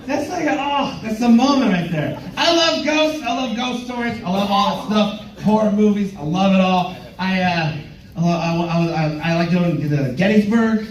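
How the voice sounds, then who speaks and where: Male stand-up, high-pitched and animated, stammering crowd-work style; roomy, distant club recording. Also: normal speed. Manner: rambling, stammering restarts, playful crowd banter. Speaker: stand-up comedian headlining. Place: comedy club stage. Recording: roomy club sound from far off.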